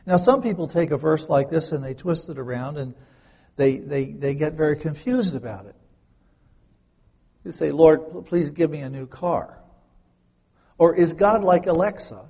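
A man in his fifties delivers a sermon in a gravelly, husky voice pitched a little higher than most men. He talks with emphasis, repeats key words and asks his listeners questions. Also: unhurried, pauses often, warm tone. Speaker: pastor.

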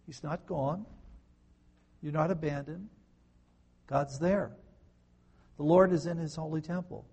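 A man giving conversational Bible teaching, firing rhetorical questions at listeners with wry, sarcastic asides and swinging between soft and loud delivery. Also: fairly high pitch, fairly even intonation, measured pace, gravelly, husky. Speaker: pastor.

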